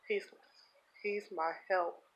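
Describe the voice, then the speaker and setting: A woman speaking in a personal confessional vlog, earnest and heartfelt, holding back tears, with halting repeats. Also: fairly low pitch, steady tone, muffled recording. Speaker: vlogger.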